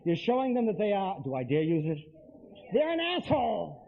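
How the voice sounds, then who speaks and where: A man's voice: high voice, huge pitch swings, normal speed, vocal fry. A man giving a live lecture to an audience, talking emphatically and straight to them with repeated phrases. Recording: tinny lo-fi lecture recording.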